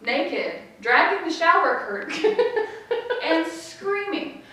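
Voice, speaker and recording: A middle-aged woman telling a personal story to a live audience, acting out her family's voices with big jumps in pitch. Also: big pitch swings, slow, pushed and bright. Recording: echoey hall, voice from a distance.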